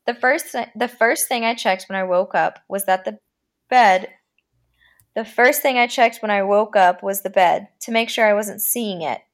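A woman podcast host reading a horror story aloud, with a dramatic delivery that slows down for the creepy lines. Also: mid-range voice.

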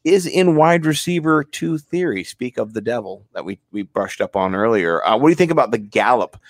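Male podcast co-host, mid-range voice, rambling and excitable, reads sponsor plugs in a dry booth. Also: mid-range voice, fairly quick, no room sound. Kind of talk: casual sports podcast chat.

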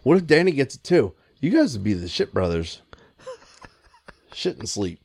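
A man's voice: medium pitch, very animated, unhurried, darkish tone, no echo. A man co-hosting a casual podcast, swearing freely in laid-back banter with his friend. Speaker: podcast co-host.

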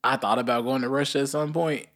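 A young man co-hosting a podcast, chatting casually and telling a long story, often jumping into high voices to quote people. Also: quick pace. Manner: animated storyteller, jumps into high-pitched voices when quoting people. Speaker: podcast co-host.

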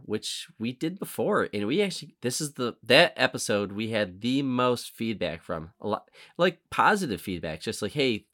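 Male podcast host, casual and rambling, fairly low voice. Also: a bit bright, no echo, studio quality. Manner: rambling, self-correcting. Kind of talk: casual chat.

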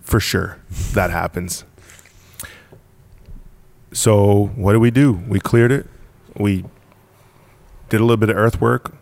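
An American man, a podcast guest who founded an apparel company, tells his story bluntly and casually, swearing occasionally and laughing between points. His voice is on the low side, slow and gravelly, with a darkish tone and long pauses, recorded dry.

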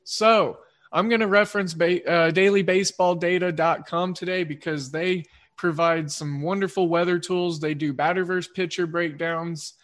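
A man with an Oklahoma twang hosting a sports betting podcast in a rambling, quick-fire casual monologue that often corrects itself. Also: high voice, steady tone, a bit bright.

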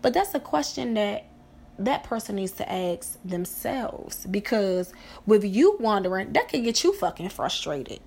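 A woman talking casually on her podcast. She speaks slowly, with a gravelly fry in her voice. She is profane and emphatic and drives her points home by repeating them. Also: mid-range voice, big pitch swings, darkish tone. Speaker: podcast host. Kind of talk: casual monologue.

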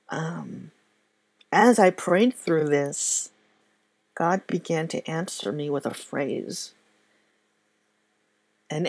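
Woman, personal testimony; soft-spoken, halting, reflective, and very slow-paced. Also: lowish voice, dry recording. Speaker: speaker sharing a faith testimony.

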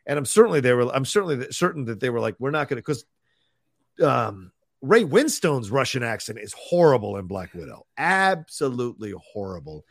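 A man's voice: mid-range voice, sing-song, a little fast, no echo, studio quality. A man co-hosting a live film podcast, chatting casually in a rambling way and reading viewer comments aloud. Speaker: podcast co-host.

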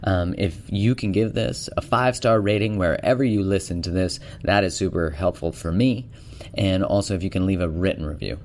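A man's voice: sits low, a little mellow, slight background noise. A man hosting his own podcast, talking in a loose, enthusiastic and chatty way with plenty of fillers. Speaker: podcast host. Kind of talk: casual podcast chat.

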